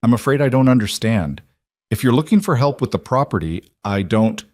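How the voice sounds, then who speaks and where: A man voicing a dignified young single mother who speaks in a calm, restrained way. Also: medium pitch, a little fast, lightly acted. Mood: guarded.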